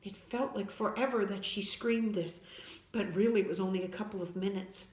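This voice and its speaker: A woman voicing a frightened, injured young girl who cries out for help in a high, desperate voice. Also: moderate pace, roomy sound, natural voice.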